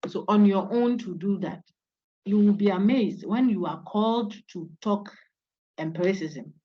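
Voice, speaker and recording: A woman's voice: fairly low pitch, a little mellow, breathy edge. A woman giving an online university philosophy lecture, coaching students to repeat names after her. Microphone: video call. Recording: dull lo-fi online call audio.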